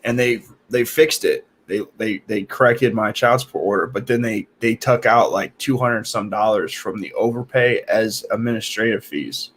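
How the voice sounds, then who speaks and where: A man in casual conversation who speaks haltingly, repeating words and dropping in casual slang. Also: on the low side, a bit bright, slightly rough. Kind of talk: casual chat.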